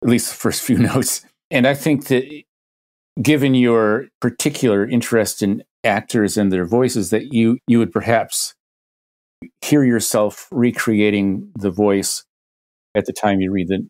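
A man's voice: fairly low pitch, unhurried, a little mellow. A man, a guest expert on a podcast, explaining ideas through hypothetical examples, thinking aloud with frequent restarts.

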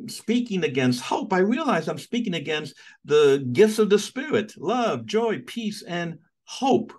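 A middle-aged man from New giving an impassioned lecture in a preaching style, with big swings in pitch and loudness and repeated words. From United States. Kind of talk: sermon-like lecture.

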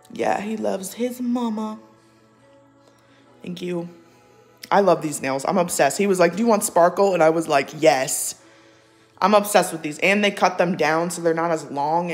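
Chatty woman with a low voice. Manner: chatty, reads viewer comments aloud and talks to her cat. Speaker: livestream vlogger. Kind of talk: casual live-chat vlog. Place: at home indoors.

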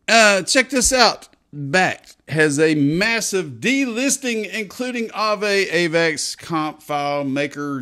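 Blunt, chatty man in his fifties. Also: a little high. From Texas. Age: 50s. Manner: blunt, profane, chatty with swings of loudness. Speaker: crypto show host. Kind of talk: casual morning video commentary.

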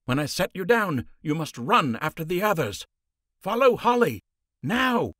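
A man's voice: sits high, sing-song, unhurried, fairly bright tone, dry recording, clean studio sound, voice pushed up, heavily acted. A man voicing a brave, determined young rabbit prince in a storybook, calling out raised and breathless. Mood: urgent.

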